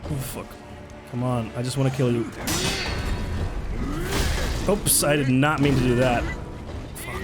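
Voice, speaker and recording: A man's voice: mid-range voice, fairly even intonation, a little slow, pauses often, over loud music. Man streaming a game. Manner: chatty, swears often, reacts to chat. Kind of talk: casual gameplay commentary.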